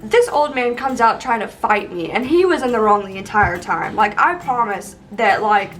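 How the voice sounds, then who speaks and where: A woman's voice: a little high, normal speed, recorded from a distance, faint music behind, low-quality recording. Chatty young woman telling stories. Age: young adult. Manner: animated, chatty, lots of fillers. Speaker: vlogger. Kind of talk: casual storytime.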